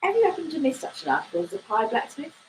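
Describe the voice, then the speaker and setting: A woman's voice: mid-range voice, expressive, a little fast, a little hiss or hum, lightly acted, rough recording. A woman reading aloud, voicing a stern, cool male army sergeant who speaks curtly.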